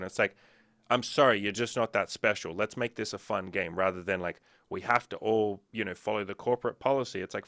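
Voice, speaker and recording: A man chatting casually on a podcast as a business coach, swearing a lot and telling animated stories. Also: medium pitch, no echo, clean studio sound. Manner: profane, animated storytelling.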